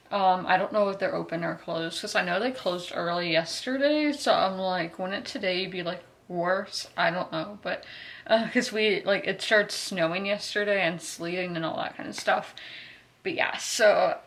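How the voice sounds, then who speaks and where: A woman's voice: mid-range voice, fairly bright tone. A woman, chatting casually about her reading in a rambling way, full of ums and likes. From South Carolina, US. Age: 20s. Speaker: book vlogger. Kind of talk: casual reading vlog chat.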